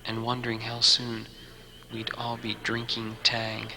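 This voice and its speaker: Guy narrating memories, flat and even, loud music under it. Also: medium pitch, measured pace, slight background noise. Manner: even, reflective storytelling. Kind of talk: reflective scripted narration.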